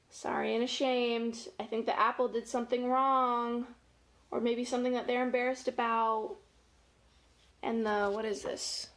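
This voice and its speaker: A woman's voice: a little high, fairly bright tone. A woman, a family educator, reading a picture book aloud to children in a playful, chatty way, with gasps and laughs along the way.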